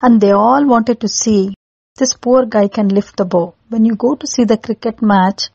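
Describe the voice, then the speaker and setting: A woman's voice: on the high side, fairly even intonation, normal speed, creaky, darkish tone, slightly rough, dry recording, muffled recording. A woman narrating an epic story in a chatty way, explaining scenes with everyday comparisons and acting out the crowd's cries. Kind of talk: casual storytelling narration for children.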